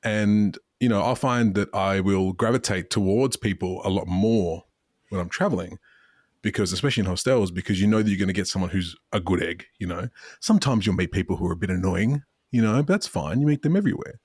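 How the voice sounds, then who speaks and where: A man's voice: low voice, fairly quick, a little mellow, dry recording, clean studio sound. An Australian man hosting a podcast, chatting casually in a rambling way and often restarting his sentences. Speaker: podcast host. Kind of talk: casual banter.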